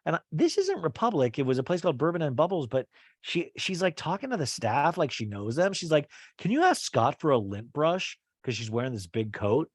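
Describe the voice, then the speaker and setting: A man's voice: on the high side, big pitch swings, a little fast, a little mellow, no echo, clean studio sound. A man hosting a podcast, recapping a reality show in a chatty, rambling way full of asides. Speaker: podcast host. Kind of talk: casual TV recap.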